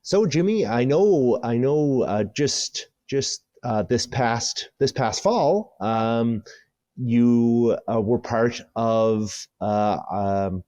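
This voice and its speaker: A man's voice: medium pitch, lively intonation, drawn-out words, dark tone, no echo, lo-fi sound. A man hosting a podcast, asking his questions in an easygoing, hesitant way with many fillers. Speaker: podcast host. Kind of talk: casual podcast interview.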